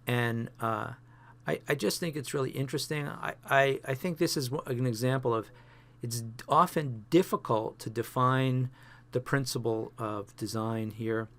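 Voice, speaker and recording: A man lectures a photography class in an unhurried, casual way, often stopping with fillers and starting his sentences over. His voice sits at an ordinary middle pitch. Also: a bit bright. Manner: halting, many fillers and restarts. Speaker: photography instructor.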